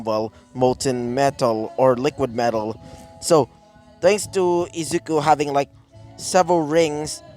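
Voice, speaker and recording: A man improvising a fan story aloud, full of ums and self-corrections. His voice sits a bit high for a man. Faint background music plays under him. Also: a little mellow. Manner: rambling, self-correcting, many fillers.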